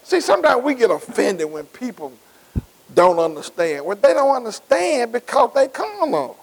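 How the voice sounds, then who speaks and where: A man's voice: very high voice, big pitch swings, moderate pace, gravelly, rough recording. A male pastor preaching a sermon, asking the congregation rhetorical questions and repeating words as he builds. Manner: call-and-response preaching, frequent rhetorical questions.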